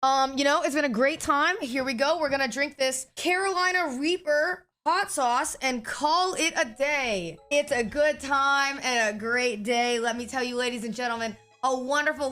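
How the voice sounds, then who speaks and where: A young woman streamer telling a story to her audience in a slightly high voice. She is blunt and swears freely, and she keeps pausing on a checking "okay?". Faint music plays underneath. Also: steady tone, fairly bright tone. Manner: blunt and profane, often adding a checking "okay?". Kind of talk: casual storytelling to viewers.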